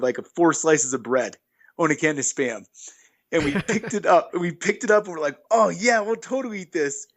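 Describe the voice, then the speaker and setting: Easygoing man telling hiking stories. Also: medium pitch. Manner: easygoing, rambling, many fillers and restarts. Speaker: guest, long-distance hiker. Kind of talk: casual interview storytelling.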